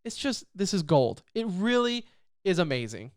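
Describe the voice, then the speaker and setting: A man co-hosting a casual esports podcast, talking in an animated, rambling way and laughing often. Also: high voice, normal speed, no room sound, studio quality. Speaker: podcast co-host.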